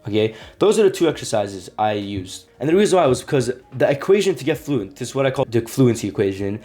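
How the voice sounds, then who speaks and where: A man's voice: mid-range voice, big pitch swings, fast talker, mellow, faint music behind. A man vlogging to camera in a casual, rambling way, often restarting words mid-sentence. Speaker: language-learning vlogger.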